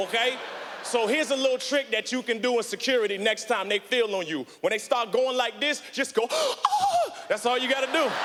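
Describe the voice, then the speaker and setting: A man performing an animated stand-up set on a big theater stage, shouting his punchlines and acting out voices into a handheld mic, with live hall reverb. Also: very high-pitched, slight background noise. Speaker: stand-up comedian.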